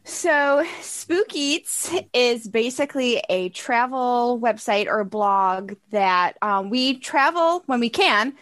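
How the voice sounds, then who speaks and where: Bubbly American woman, higher voice. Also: lively intonation, slow, few pauses, fairly bright tone, no room sound. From Buffalo, New York, USA. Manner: bubbly, laughs often, many ums. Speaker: guest, travel blog founder. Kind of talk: casual interview chat.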